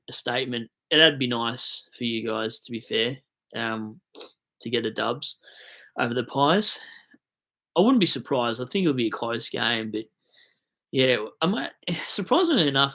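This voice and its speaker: A man's voice: medium pitch, a bit bright. A young Australian man hosting a livestream, telling rambling footy stories and reading chat aloud, swearing casually. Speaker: livestream host.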